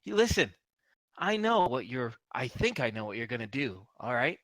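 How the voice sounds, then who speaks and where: Man playing a foul-mouthed captive thug, snarling, bright, swearing and yelling. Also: unhurried, no echo, poor audio. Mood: defiant. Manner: snarling, swearing, pitch leaps up when yelling. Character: defiant terrified male criminal prisoner, foul-mouthed.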